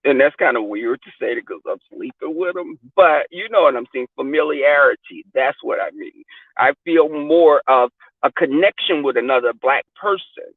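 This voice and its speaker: A man chatting candidly as a podcast host, blunt and profane, telling lively stories. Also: medium pitch, normal speed, no echo. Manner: blunt, profane, animated storyteller. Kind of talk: candid casual chat. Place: car. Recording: dry tinny phone-like sound.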